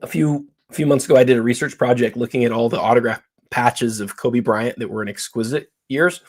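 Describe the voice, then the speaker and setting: A man's voice: medium pitch, a little fast. A man talking as a guest collector on a live stream, chatty and informal. He often trails off and restarts mid-thought while weighing up a card. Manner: chatty, hesitant, lots of fillers and restarts. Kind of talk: casual expert commentary.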